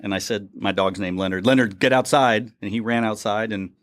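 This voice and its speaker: Man calmly telling a story. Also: lowish voice, fairly quick. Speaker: guest. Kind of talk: casual storytelling.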